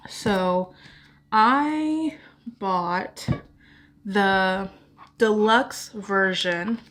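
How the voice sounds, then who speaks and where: A woman talks casually into a camera indoors, chatting as a book vlogger. She rambles, giggles and pokes fun at herself. Her voice sits at an ordinary middle pitch. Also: very slow, pauses often, a bit bright. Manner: rambling, self-deprecating, giggly. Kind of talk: casual chat.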